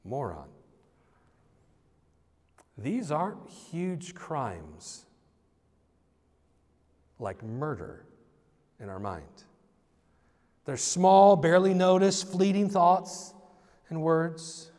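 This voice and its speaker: A male pastor delivers a conversational sermon, his voice sitting a little higher than most men's. He talks informally, restarting phrases and doubling words as he goes. The recording carries the long reverb of a church sanctuary. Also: lively intonation, extremely slow, long pauses, a little mellow.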